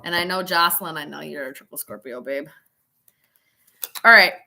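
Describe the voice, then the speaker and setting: A woman's voice: low-pitched, moderate pace, gravelly, bright, forceful tone, slight background noise. A tipsy woman giving a casual live tarot reading, chatty and laughing, with swearing and dramatic asides. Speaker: tarot reader.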